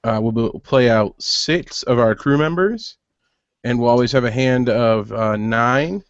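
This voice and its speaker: A man who designs games, calmly walking people through rules with frequent pauses. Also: mid-range voice, no echo. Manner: patient, methodical, with frequent "uh" pauses. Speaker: game designer guest. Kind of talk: explaining game rules on a video call. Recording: muffled web call audio.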